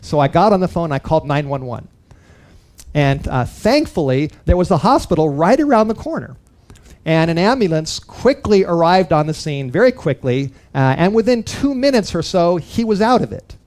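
A man's voice: fairly high pitch, big pitch swings, moderate pace, a little mellow. Earnest man telling a story. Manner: earnest, conversational storytelling that addresses the listeners directly. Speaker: guest speaker. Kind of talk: personal testimony told to a live audience.

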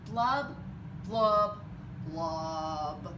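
A woman's voice: low voice, extremely slow, noisy background, voice pushed down. A woman voicing a glum, gloomy male fish in a storybook, reciting his lines in a sing-song rhyming chant. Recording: roomy echo, distant mic, faint ambience.

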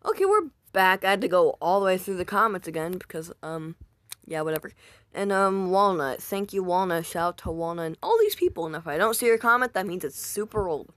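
Reacting to viewer comments from a home mic, a YouTuber talks in a medium-pitched, sing-song, brisk and slightly bright voice. The delivery is casual, rambling and self-mocking, with spoken reactions, and the recording is dry.

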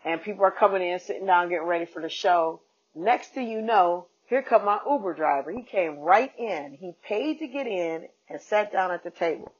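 Woman comic chatting on her podcast, lively storytelling, kinda dull lo-fi sound. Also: fairly low pitch, moderate pace, breathy edge. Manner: animated, acts out quoted people. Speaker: comedian and podcast host. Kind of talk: casual storytelling monologue.

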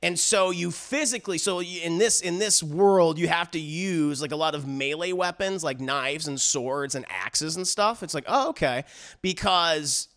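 A man's voice: fairly high pitch, moderate pace, hardly any pauses, a bit bright. A man giving a casual, rambling film review full of fillers and crude asides. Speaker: movie reviewer.

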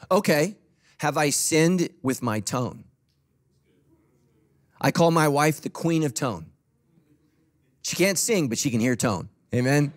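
A man's voice: on the high side, lively intonation, slow pace, pauses often. A middle-aged man preaching a sermon as pastor, conversational and joking, acting out quoted voices. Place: church auditorium.

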